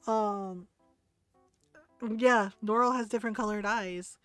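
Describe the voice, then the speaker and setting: A woman's voice: mid-range voice, fairly even intonation, a little slow, pauses often, a bit bright, clear, resonant tone, dry recording, faint music behind. A woman streamer telling a story while gaming, swearing freely, laughing often and heatedly quoting herself. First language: Tagalog.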